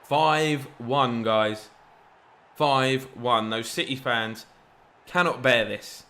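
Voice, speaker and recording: A man giving chatty, excitable play-by-play commentary over a football video game. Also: medium pitch, extremely slow. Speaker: gaming YouTuber.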